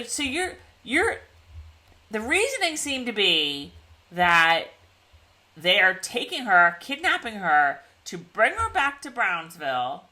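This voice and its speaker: Lively, bright-toned middle-aged woman recapping. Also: mid-range voice. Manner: rambling, full of "like" and restarts. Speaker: podcast co-host. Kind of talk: casual TV recap chat.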